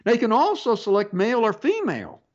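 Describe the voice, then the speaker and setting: A man's voice: extremely high pitch, very animated, lo-fi sound. A man hosting a tech advice show, talking casually with frequent restarts and fillers. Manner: halting, many restarts and fillers. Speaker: radio tech show host. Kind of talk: casual call-in advice talk.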